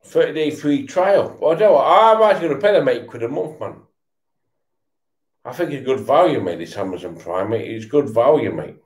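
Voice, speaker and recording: A man's voice: mid-range voice, animated, normal speed, reverberant. A tipsy man, swearing and stammering through a casual rant while he watches football. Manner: swearing, repetitive, stammering restarts. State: tipsy from beer.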